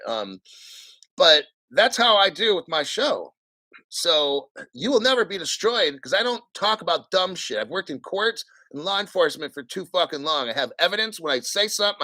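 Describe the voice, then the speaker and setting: A man hosting a crypto stream, ranting in a blunt, profane, combative way and clearing his throat often. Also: fairly high pitch, expressive, normal speed, bright, forceful tone, dry recording. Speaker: crypto channel host. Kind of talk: livestream rant.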